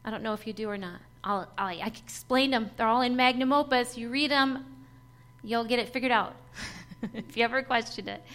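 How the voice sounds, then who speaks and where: High-voiced woman sharing testimony. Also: fairly bright tone. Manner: earnest, emotional storytelling with light laughs. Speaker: speaker at a church gathering. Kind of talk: personal testimony sermon.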